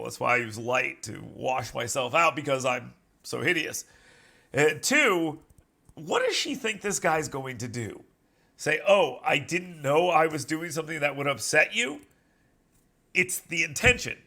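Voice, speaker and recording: Sarcastic man with a gravelly voice. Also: fairly high pitch, pushed and bright. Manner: sarcastic, mocking. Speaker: talk show host. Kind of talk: opinion commentary.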